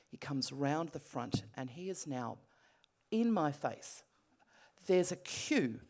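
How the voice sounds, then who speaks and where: A middle-aged Australian woman retelling a personal story in an animated, breathless way, full of restarts. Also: on the low side, slow pace. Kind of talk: casual spoken storytelling.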